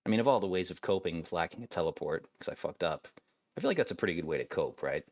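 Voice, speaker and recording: A man's voice: sits low, very animated, fast talker, a little mellow, no echo. A man giving casual let's-play commentary, rambling and laid-back, swearing casually. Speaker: gaming video host.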